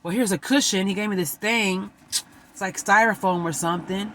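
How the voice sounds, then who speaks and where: Bright-voiced, emotional woman storyteller. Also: mid-range voice, normal speed, a little hiss or hum. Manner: expressive, swings between excited and tearful. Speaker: vlogger.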